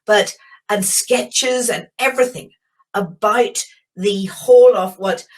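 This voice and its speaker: A woman's voice: mid-range voice, slow pace. An older woman from Belfast with a Northern Irish accent, a geologist giving a reflective, enthusiastic webinar talk with frequent fillers and restarts. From Belfast, Northern Ireland. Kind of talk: webinar storytelling presentation. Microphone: video call.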